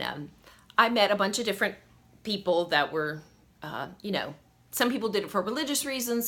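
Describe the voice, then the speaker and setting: Bright lively woman, rambling funny story-time vlog, laughs a lot. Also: lowish voice. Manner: rambling, self-mocking, laughs often. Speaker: vlogger telling personal stories.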